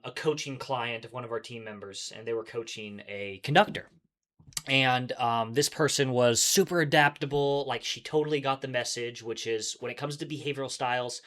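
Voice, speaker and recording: A man's voice: medium pitch, a bit bright. A man hosting a workplace podcast, explaining in an upbeat, conversational way and chuckling often. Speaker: podcast host. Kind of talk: casual explanatory podcast talk.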